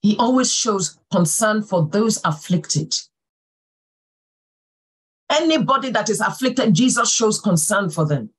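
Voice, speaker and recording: A woman pastor giving a sermon, fervent and full of praise exclamations, swinging from soft talk to calling out. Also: mid-range voice, animated, unhurried, long pauses, slightly rough, poor audio.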